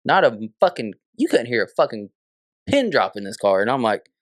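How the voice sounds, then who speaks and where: A young man, a podcast guest, telling a story in a casual, animated way, laughing often and swearing a lot. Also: medium pitch, moderate pace, no room sound.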